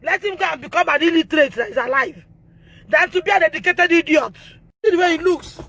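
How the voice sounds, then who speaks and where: A Nigerian woman speaking on a phone livestream, distressed and loud, re-enacting conversations as a mother. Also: very high-pitched, a little fast, gravelly, slight background noise. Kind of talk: emotional livestream testimony.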